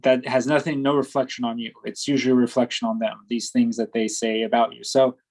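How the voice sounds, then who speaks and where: Measured man, halting podcast chat. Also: medium pitch, flat delivery, darkish tone, poor audio. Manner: hesitant, many fillers and restarts, measured and agreeable. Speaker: podcast co-host. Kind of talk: casual chat.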